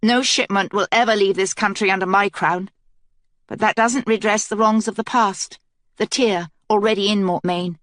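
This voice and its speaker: A woman's voice: medium pitch, steady tone, normal speed, fairly bright tone, dry recording, studio quality, natural voice. A woman voicing a determined young queen in an audiobook, speaking earnestly and with command.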